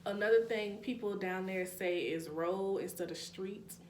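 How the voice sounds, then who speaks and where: A woman's voice: medium pitch, a little slow, a little mellow. A young woman from New Orleans with a New Orleans accent, chatting casually to her viewers in a vlog, with laughing asides and calling them y'all. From New Orleans, Louisiana. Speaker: YouTuber. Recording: echoey room with faint hum.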